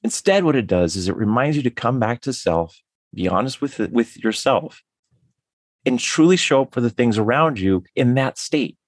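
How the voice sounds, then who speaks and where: An enthusiastic man explains his ideas as a podcast guest, often restarting his phrases mid-thought. His voice sits at an average pitch. The recording is dry and close. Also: animated, normal speed, no echo. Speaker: guest, tantric counselor. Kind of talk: podcast interview.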